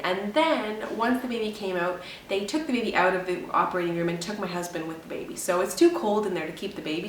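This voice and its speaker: A woman's voice: on the low side, distant mic. A young woman vlogger in casual chat, rambling and emotional, laughing often. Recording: roomy echo, a bit off-mic, faint hum.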